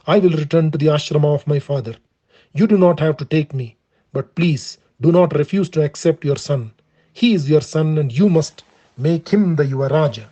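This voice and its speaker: Male reader voicing a proud, wronged young woman, kept plain and earnest; slightly high, soft-toned. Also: moderate pace, close to an everyday voice. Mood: pleading. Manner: steady earnest reading in the performer's own voice. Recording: dull lo-fi recording.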